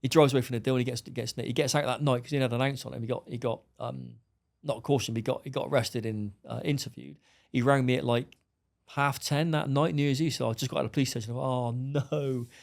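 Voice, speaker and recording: Fast-talking gravelly man. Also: medium pitch, steady tone. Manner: blunt, swearing, acts out dialogue. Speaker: podcast guest. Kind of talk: storytelling interview.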